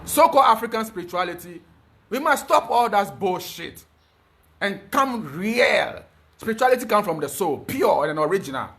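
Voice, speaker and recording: Fervent high-voiced man preaching. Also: big pitch swings, fairly quick, fairly bright tone. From Ghana. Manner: preachy, emphatic, with many repeated fillers. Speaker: spiritual teacher. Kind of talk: impassioned spiritual talk.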